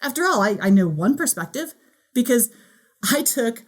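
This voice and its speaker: A woman delivers a motivational keynote, her voice a touch high and swinging widely in pitch. She talks in a playful, animated way and acts out her own inner voice. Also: normal speed. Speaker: keynote speaker.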